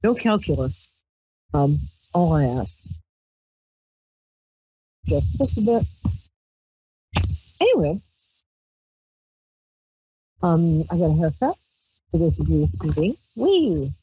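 A woman's voice: low voice, lively intonation, slow, pauses often, dark tone, husky. A woman from Brooklyn, hosting a psychic call-in radio show in a rambling, playful way and reading tarot cards on a handheld mic. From Brooklyn, New York. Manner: rambling, chatty, playful with squealed exclamations. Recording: dull lo-fi dry stream audio.

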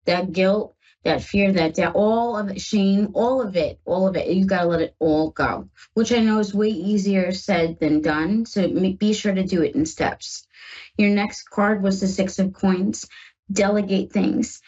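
A woman's voice: medium pitch, unhurried, a little mellow, breathy edge, dull audio. A woman from the northern United States hosting a live call-in psychic radio show, chatty and reassuring as she reads tarot and talks to her listeners.

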